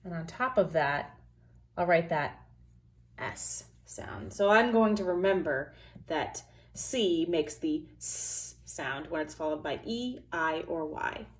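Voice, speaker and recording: A woman teaching a phonics lesson to third graders, sounding out letters and words slowly and carefully. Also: low-pitched, animated.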